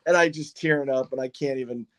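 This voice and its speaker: A man who owns and drives a funny car, telling stories in an excited, rambling way with lots of restarts on a podcast. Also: mid-range voice, quick pace. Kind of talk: podcast interview, casual storytelling.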